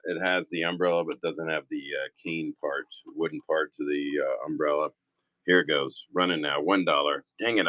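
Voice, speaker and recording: A man who owns a toy store, chatting casually through a live-stream auction, rambling with quick apologetic asides. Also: a bass voice, a bit bright, no echo. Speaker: toy store owner running online auctions. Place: indoor shop room.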